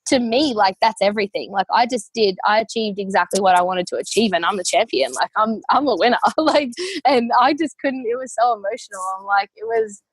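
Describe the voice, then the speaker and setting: A woman's voice: mid-range voice, fairly quick, slightly rough, dry recording. Heartfelt Australian woman, dry sound. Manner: heartfelt storytelling, fillers. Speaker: podcast guest, athlete. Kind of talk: casual interview.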